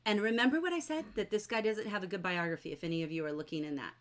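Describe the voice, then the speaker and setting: A woman's voice: medium pitch, fast talker, hardly any pauses. Chatty woman teacher leading a livestream class. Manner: lively, chatty, reads quotes aloud and answers viewers. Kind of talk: livestreamed book discussion, reading chat aloud.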